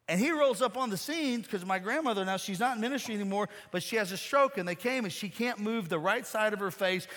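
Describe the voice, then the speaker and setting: In a church sanctuary full of long hall reverb, a man with a high, fairly bright voice preaches a sermon, telling a folksy story and speaking directly to his congregation.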